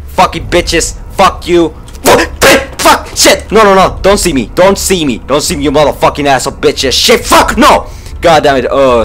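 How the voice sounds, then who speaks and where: A young man playing a horror game, swearing constantly, panicking and yelling at enemies, then muttering nervously. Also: mid-range voice. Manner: profane, jumpy, yelling in panic. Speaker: let's play gamer.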